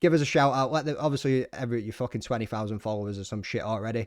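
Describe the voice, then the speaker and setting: Fast-talking British podcast host. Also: male voice, medium pitch, fairly even intonation, dry recording, studio quality. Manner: friendly banter, swears freely, says mate. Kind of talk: casual podcast chat.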